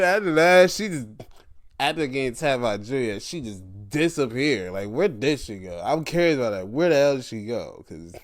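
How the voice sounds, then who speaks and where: A man hosting his own show, reviewing wrestling in casual chat. He is excitable and laughs, jumps into high-pitched reactions, and drops into low mumbled asides.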